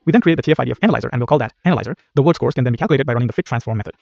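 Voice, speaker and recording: Man, course instructor, very fast, gravelly, scripted lesson narration, dry dull recording. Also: mid-range voice, no room sound. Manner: brisk, explanatory, steady.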